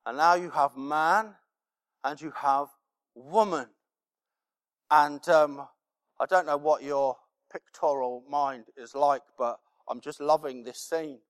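Slow, high-voiced male preacher in a hall. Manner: emphatic and repetitive, with rhetorical questions. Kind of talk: sermon. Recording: long hall reverb.

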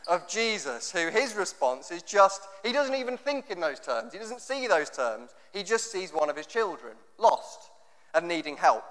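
Very animated and high-pitched, this English pastor talks at normal speed with a fairly bright tone. He preaches in a jokey, conversational way, regularly acting out what people say, and the hall adds a long reverb.

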